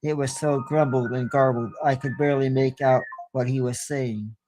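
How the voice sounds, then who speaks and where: A man hosting a show and telling a horror story slowly and deliberately, with small stumbles now and then, into a close studio mic. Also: medium pitch, steady tone, a little mellow, soft background music. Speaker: host and storyteller.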